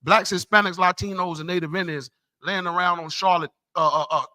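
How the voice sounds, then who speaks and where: A man with a bright, fairly high voice speaks in a casual discussion, agreeing often and tagging his phrases with "man." The recording is dry. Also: fairly even intonation, a little fast, dry recording.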